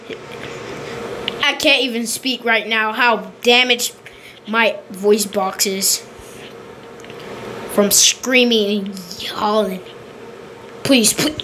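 A woman giving casual, rambling game commentary, excitable and repeating her pleas over and over. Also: medium pitch, a little hiss or hum. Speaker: gameplay commentator.

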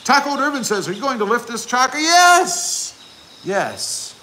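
A man's voice: very high voice, big pitch swings, brisk, bright, forceful tone, slight background noise. A man hosting a casual livestream, reading viewer comments aloud and answering them with chatty, jokey asides. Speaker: channel host reading live chat.

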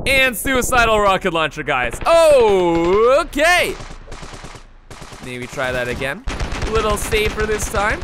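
Excitable high-voiced gaming commentator man. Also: a little slow, pauses often, a little hiss or hum. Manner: excitable, exclaiming, addresses viewers as guys. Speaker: gameplay commentator. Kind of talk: excited video game commentary. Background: game gunfire and explosions.

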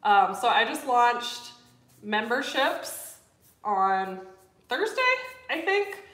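A middle-aged woman hosting a live stream, chatting with her viewers in a fast, bubbly way and running out of breath. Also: a little high, big pitch swings, a bit bright. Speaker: host. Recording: echoey room.

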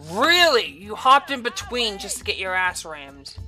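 A woman yelling and swearing at a video game as she plays, bursting into furious shouts. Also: mid-range voice, sing-song, a little slow, few pauses, soft background music. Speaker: gaming video creator. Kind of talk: angry gameplay commentary.

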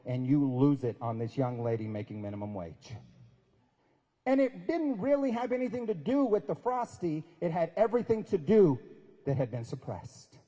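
A man's voice: high-pitched, mellow. A man in his forties giving an inspirational talk at a prayer breakfast, telling stories conversationally and acting out quoted lines with emphasis. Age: 40s. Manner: storytelling, acts out quoted dialogue, conversational and emphatic. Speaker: speaker. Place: large event hall. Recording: long reverb of a large hall.

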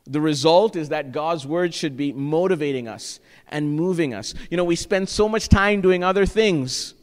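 A man's voice: fairly high pitch, normal speed. A man preaching a sermon as pastor, earnest and exhorting, often checking in with the congregation with "right?". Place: church sanctuary. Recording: long church-hall reverb.

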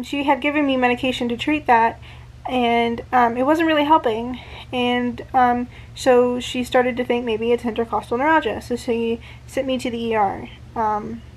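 A young woman with a high, light voice talks straight into a handheld camera at home. Her chat is casual and meandering, full of ums and restarts, and she sounds a little out of breath. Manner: chatty, rambling with many fillers and restarts. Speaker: vlogger. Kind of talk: casual vlog.

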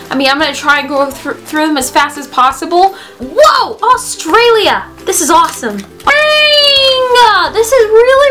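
Very high-pitched, bright, gushing woman. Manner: gushing and excitable, with frequent gasps and laughs. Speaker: vlogger opening fan mail. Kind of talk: casual vlog chat.

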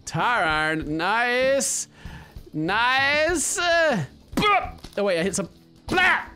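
A man's voice: extremely high pitch, sing-song, extremely slow, pushed and bright, soft background music. A man hosting a casual let's play, joking and exclaiming as he plays. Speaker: gaming channel host.

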